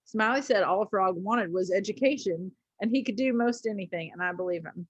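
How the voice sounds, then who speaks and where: A woman's voice: mid-range voice, a little fast, hardly any pauses, husky, dry recording, poor audio. A woman teacher reading a story aloud to a class, with casual asides and small slips.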